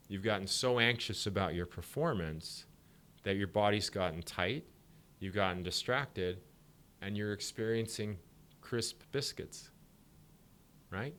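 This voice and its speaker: A man's voice: fairly low pitch, a bit bright, a little hiss or hum. A middle-aged man, a sport psychology guest on a podcast, explaining ideas at length and acting out examples with a laugh. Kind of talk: podcast interview.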